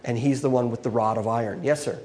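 Speaking quickly in a mid-range voice, a man preaches a sermon that teaches from a Bible passage. He's expressive, alternating loud, emphatic moments with hushed remarks on the side.

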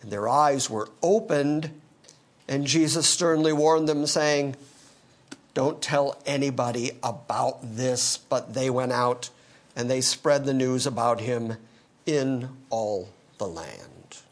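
A male pastor preaching an expository sermon, animated and teaching verse by verse, with dry humor. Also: medium pitch, slow pace. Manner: animated, quoting scripture in character, dry humor.

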